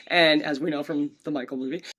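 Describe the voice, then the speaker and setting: Bright-voiced woman podcast host. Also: low voice, quick pace, breathy edge. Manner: profane, animated storyteller. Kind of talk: casual family chat.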